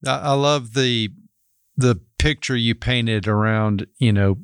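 A man hosting an interview podcast, talking in a relaxed, reflective, conversational way. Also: medium pitch, slow pace, clear, resonant tone, dry recording, clean studio sound. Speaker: podcast host. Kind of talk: casual interview chat.

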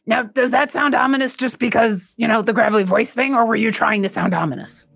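Player, woman, husky and creaky, curious questions. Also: on the high side, a little fast. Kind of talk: casual tabletop play.

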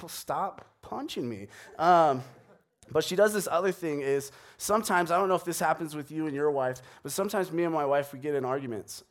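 A man in his thirties, a pastor, preaching a sermon in a conversational, joking storytelling way. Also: fairly high pitch. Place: church sanctuary.

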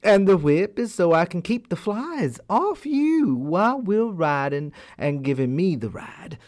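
A man's voice: high-pitched, big pitch swings, measured pace, darkish tone, voice pushed up. A man voicing a sly, whimpering trickster male hare in a storybook tale.

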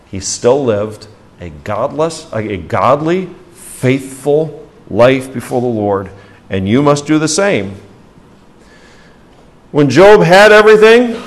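A male pastor delivers an emphatic sermon at a slow pace with lively intonation. He rises for stress, drops low at the ends of phrases and puts rhetorical questions to the congregation.

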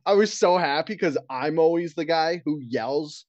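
A man co-hosting a casual comedy podcast, telling lively stories, swearing and slipping into silly voices. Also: on the high side, moderate pace, dry recording, muffled recording. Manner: animated, swearing, slips into silly put-on voices. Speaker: podcast co-host.

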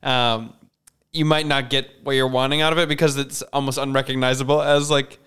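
A man's voice: medium pitch, little pitch movement, a little fast, a bit bright, clear, resonant tone. A man co-hosting a podcast in casual chat, rambling and correcting himself, often laughing. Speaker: podcast co-host.

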